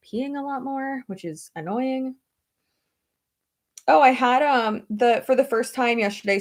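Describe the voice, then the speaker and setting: A young woman vlogging in a casual chat, rambling with lots of "like", laughing often and retelling conversations as quoted dialogue. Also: mid-range voice. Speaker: beauty vlogger. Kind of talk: casual chat while getting ready.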